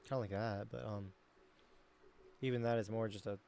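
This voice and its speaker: A man's voice: lowish voice, fairly even intonation, moderate pace, creaky, a little mellow, a little hiss or hum. A man chatting casually as a streamer, rambling and thinking aloud while he critiques his own voice work. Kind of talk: casual chat.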